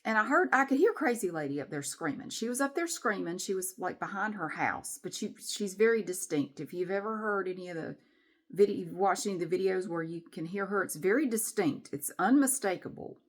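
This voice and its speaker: A woman vlogger telling a story to camera in an animated, exasperated way. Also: medium pitch, brisk.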